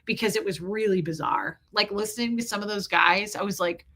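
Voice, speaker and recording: A woman live-streaming, telling animated stories in casual chat, reading viewer comments aloud and swearing freely. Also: mid-range voice, a little fast.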